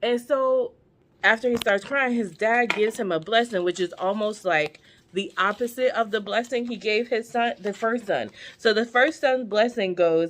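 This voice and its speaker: A woman's voice: on the high side, normal speed. A woman vlogger chatting casually as she retells a Bible story, slangy and full of offhand asides.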